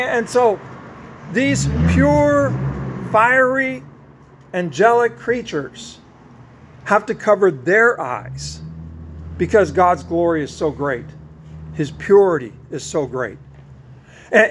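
A man preaching a sermon, teaching slowly and drawing out his stressed words. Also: sits high. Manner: slow, emphatic teaching with drawn-out stressed words.

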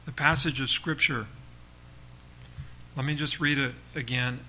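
A man's voice: medium pitch, steady tone, measured pace, pushed and bright, a little hiss or hum, poor audio. A man as a pastor, speaking earnestly and emotionally at a funeral, addressing the grieving son directly with repeated phrases. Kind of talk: funeral sermon.

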